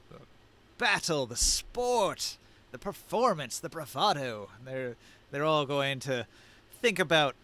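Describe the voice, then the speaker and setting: A man voicing a group of sheltered women, gushing with excitement. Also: mid-range voice.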